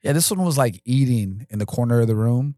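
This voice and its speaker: A man in his thirties tells family stories on a casual podcast, his pitch rising and falling with a lot of life. He jokes often and fills his sentences with "like" and "you know." The recording is dry and close. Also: fairly quick, no echo. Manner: relaxed storyteller with frequent fillers and jokes. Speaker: podcast co-host. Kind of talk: casual chat.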